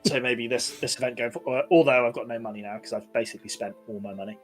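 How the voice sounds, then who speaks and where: A man's voice: medium pitch, quick pace, faint music behind. Man, podcast co-host, casual rambling chat, filler-heavy. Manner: rambling storytelling with many fillers.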